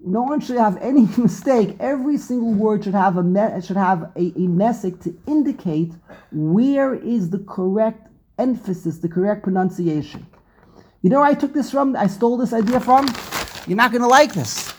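Host, male, breathy voice, animated storyteller on a video call mic. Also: high-pitched, normal speed. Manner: animated storyteller, laughs often. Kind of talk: casual conversation.

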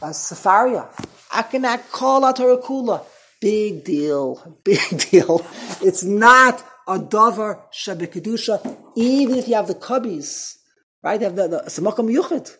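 A man's voice: high-pitched, animated, moderate pace, a bit bright, slight background noise. A man teaching an informal Torah class, chatty and rambling, often restarting his sentences. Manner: rambling, self-interrupting, frequent restarts. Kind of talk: informal Torah lecture to a small group.

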